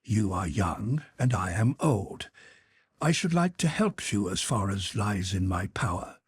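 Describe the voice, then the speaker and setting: A man's voice: fairly low pitch, sing-song, breathy edge, no room sound, clean studio sound, full character voice. A man voicing a severe old Freemason. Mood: grave, measured. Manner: deliberate, measured and formal. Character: grave old male Freemason, severe yet paternal.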